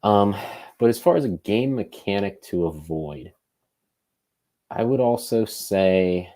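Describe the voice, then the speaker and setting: A man's voice: fairly low pitch, expressive, slow, mellow. A man co-hosting a podcast, thinking aloud in loose, casual conversation. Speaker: podcast co-host.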